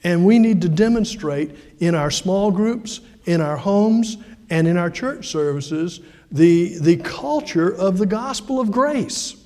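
An older male pastor gives a folksy, conversational sermon, tossing in asides and questions to the congregation. His voice sits fairly high but has a dark, mellow tone. It carries a long echo through a large church hall. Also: expressive, slow.

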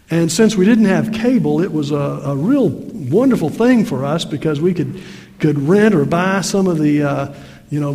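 Older male preacher, fairly high voice, folksy storyteller, reverberant sanctuary. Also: dark tone. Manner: folksy storytelling with self-deprecating humor. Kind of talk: sermon. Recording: long reverb of a large hall.

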